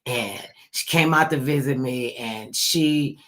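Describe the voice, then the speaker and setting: Woman host, lively storyteller, does the family voices as she goes. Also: very deep voice, takes it slowly. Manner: animated storyteller, acts out quoted voices. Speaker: radio host. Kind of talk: storytelling on a talk show.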